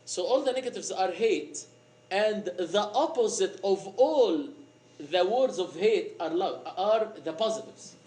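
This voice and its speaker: A man's voice: high voice, lively intonation, a little slow, darkish tone. A man from Egypt giving an informal storytelling sermon, with many fillers and frequent laughs. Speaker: priest giving a talk. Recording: echoey room with faint noise.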